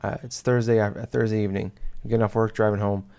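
A man's voice: fairly low pitch, flat delivery, creaky, dark tone, clean tone. Rambling young man telling a story. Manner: rambling, halting, many restarts and fillers. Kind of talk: casual storytelling chat.

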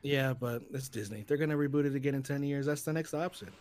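A man co-hosting a casual podcast chat, telling stories and acting out quotes in loud put-on voices. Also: medium pitch, quick pace, no room sound. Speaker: podcast co-host.

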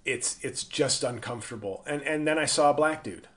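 A man's voice: medium pitch, normal speed, a bit bright. A man hosting a casual solo podcast, rambling and self-deprecating with many restarts. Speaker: podcast host.

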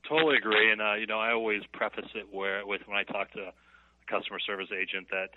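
A man with a lowish voice talks quickly and earnestly as a guest, laying out his ideas point by point. He is heard over a thin, phone-like line that sounds dry. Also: little pitch movement, no room sound. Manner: fast, earnest explainer. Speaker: company guest. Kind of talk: casual interview chat.

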